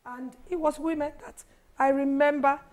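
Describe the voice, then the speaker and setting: Hoarse Nigerian woman in her fifties. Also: high-pitched, steady tone, darkish tone. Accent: Nigerian English. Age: 50s. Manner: halting, restarts and repeats as she recalls. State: hoarse, has lost her voice. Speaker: guest, widows' foundation founder. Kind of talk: personal testimony on a TV panel.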